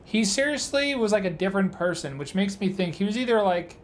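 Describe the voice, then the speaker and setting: A man's voice: sits high, animated, brisk, slight background noise. A man giving casual, rambling commentary while playing a video game, full of filler words. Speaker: let's play gamer.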